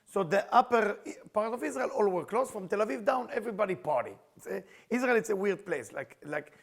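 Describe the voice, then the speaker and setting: A middle-aged man teaching a spiritual class in non-native English phrasing, animated and acting out the people he quotes. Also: high-pitched, fairly quick, vocal fry. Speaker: Kabbalah teacher.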